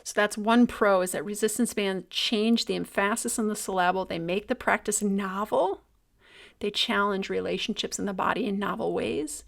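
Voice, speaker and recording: A woman hosting a solo podcast, talking in a thoughtful, reflective way and at times dropping to a soft near-whisper. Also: medium pitch, moderate pace, gravelly. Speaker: podcast host.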